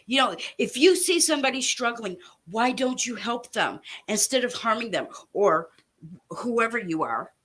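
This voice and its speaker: Woman, fairly high voice, angry rant, cursing, threatening, emphatic. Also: lively intonation, moderate pace, fairly bright tone, husky. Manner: furious, profane, threatening, emphatic. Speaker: online commentator. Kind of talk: angry direct-to-camera rant.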